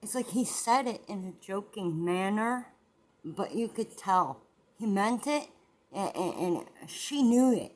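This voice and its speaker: A woman's voice: mid-range voice, expressive, slow pace. A woman chatting casually as co-commentator, swearing and emphatic. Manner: profane, emphatic. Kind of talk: casual chat.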